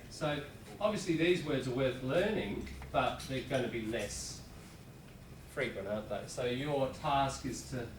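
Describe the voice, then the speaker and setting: A man's voice: mid-range voice, a little hiss or hum. Man, teacher, casual rambling lecture, echoey room, a bit away from the mic. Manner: casual, rambling, with asides to students. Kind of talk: classroom lecture. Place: classroom. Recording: roomy classroom, voice from a distance.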